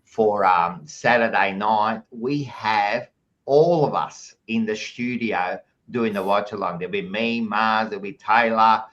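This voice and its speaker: An Australian man with a fairly low voice, hosting a casual footy podcast. He chats in a jokey, blokey way, throwing "mate" into almost every line. The recording sounds a bit dull and lo-fi. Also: unhurried, a bit bright. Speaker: podcast host. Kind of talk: casual chat reading out live chat messages.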